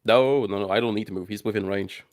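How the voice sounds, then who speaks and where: A man's voice: fairly low pitch, fast. A man playing a tabletop game, eagerly declaring his character's actions. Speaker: player.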